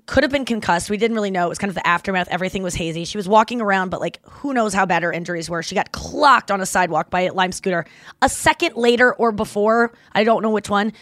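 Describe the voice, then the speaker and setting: A woman co-hosting a podcast, telling a rambling, animated story in casual chat and swearing freely. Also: medium pitch, no echo, clean studio sound. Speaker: podcast co-host.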